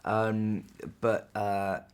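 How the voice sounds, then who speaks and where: A man's voice: fairly low pitch, level tone, drawn-out words, smooth. A young man in his twenties, an actor chatting in a press interview, rambling with many fillers and restarts. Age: 20s.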